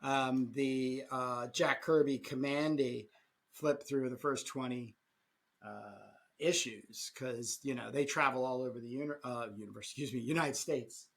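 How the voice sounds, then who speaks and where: A man co-hosting a podcast, chatting casually with quick, joking interjections. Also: mid-range voice, steady tone, vocal fry, a bit bright. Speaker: comic artist and podcast co-host. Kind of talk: casual chat.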